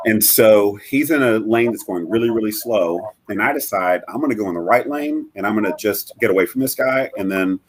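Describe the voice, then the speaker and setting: A middle-aged man telling a personal story as a guest in a live interview, halting and earnest, with many fillers and restarts. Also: fairly low pitch, background noise. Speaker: guest, bereaved father.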